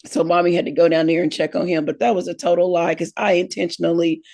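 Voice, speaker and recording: A woman co-hosts a relaxed family talk. She tells a story with plenty of life and slips into the voices of the people in it. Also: on the low side, quick pace, creaky. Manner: animated storyteller, acts out childhood dialogue. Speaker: podcast co-host. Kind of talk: casual family chat.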